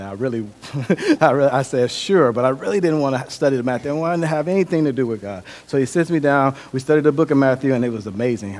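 Young male preacher, Midwest-raised, earnest testimony delivery with swings in volume. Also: mid-range voice. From Milwaukee, Wisconsin. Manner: earnest storytelling, shifting from loud to quiet. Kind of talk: sermon with personal testimony.

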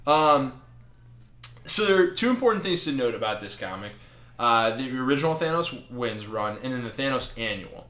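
A man in casual podcast chat, retelling a comic book with lots of swearing and quick acted-out lines. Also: mid-range voice, roomy sound. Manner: animated, swears freely, acts out characters' lines.

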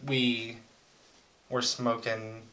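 A man's voice: mid-range voice, level tone, extremely slow, pushed and bright, low-quality recording. A young man chatting casually as co-host, rambling through crude, joking stories about old roommates. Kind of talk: casual chat.

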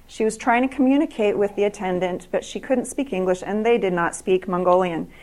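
A woman's voice: medium pitch, brisk, darkish tone. A middle-aged woman giving a speech to an audience, telling stories earnestly and often restarting and repeating words. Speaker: speaker at an evening event.

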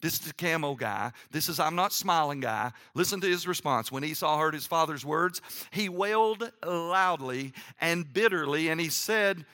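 A middle-aged man preaching a sermon as pastor, telling family stories and reading scripture aloud, sometimes dropping to a hushed low voice. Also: normal speed. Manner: animated storytelling with sudden drops to a hushed, low voice; reads scripture aloud, acting out the characters' lines.

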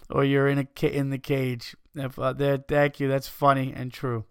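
Gravelly guy on his podcast reading listener stuff, swears a lot, trips over the words. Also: mid-range voice, monotone, a little slow, no echo, studio quality. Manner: profane, loose, stumbling over reading. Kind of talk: casual podcast chat.

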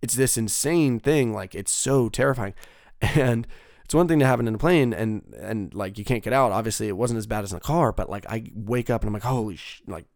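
Gravelly-voiced young man rambling. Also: lowish voice, fairly quick, a little mellow, dry recording, clean studio sound. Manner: rambling, profane, lots of fillers and restarts. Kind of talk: casual storytelling monologue.

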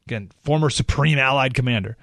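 A man hosting a talk radio show, delivering an animated monologue full of rhetorical questions and sarcasm. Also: medium pitch, quick pace, dry recording, studio quality.

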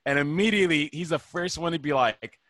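Man, casual film podcast, bright tense voice, lively retelling, dry recording. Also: on the high side, a little fast, dry recording. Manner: animated, acts out movie lines in quoted voices, swears casually.

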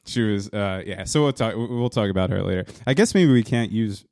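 A New Jersey man in his thirties, with a fairly low, slightly mellow voice, co-hosts a podcast in a casual, rambling chat full of restarts. He halts often and laughs a lot. It's recorded dry on a podcast mic in his parents' small home music studio.

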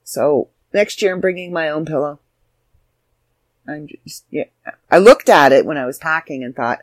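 A woman's voice: low-pitched, normal speed, pauses often, no echo. A woman, hosting her own podcast as an author, chatty and self-deprecating, sounding tired. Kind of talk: casual solo podcast chat.

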